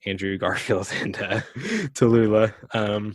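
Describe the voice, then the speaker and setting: Low-voiced man chatting casually on a podcast. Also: unhurried, no echo, studio quality. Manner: relaxed, many fillers, laughs often. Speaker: podcast co-host. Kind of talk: casual chat.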